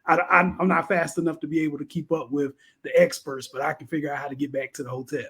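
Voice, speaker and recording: A man with a fairly high voice co-hosts a video chat. He talks in an easygoing way, chuckles between phrases, and pokes fun at himself. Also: fairly even intonation, fast, fairly bright tone, slightly rough. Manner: easygoing, chuckles, self-deprecating. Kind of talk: casual live chat.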